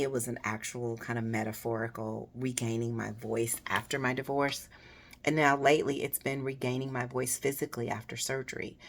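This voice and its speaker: A woman with a husky, raspy, hoarse voice talks casually and encouragingly to her viewers in a personal, unhurried way. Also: rumbling low. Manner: warm, personal, unhurried with fillers. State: hoarse after voice surgery. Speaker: vlogger.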